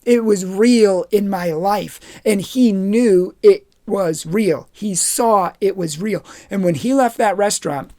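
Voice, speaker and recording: A man giving a youth retreat talk, telling personal stories with lively energy and acting out the dialogue. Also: sits high, slow, few pauses. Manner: animated storytelling, acts out dialogue. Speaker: confirmation retreat speaker.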